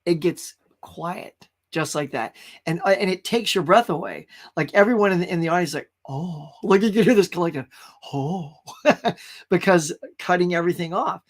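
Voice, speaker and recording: A man's voice: high-pitched, a little fast. A man hosting a casual pop culture live stream, rambling enthusiastically about movies and greeting viewers in the chat.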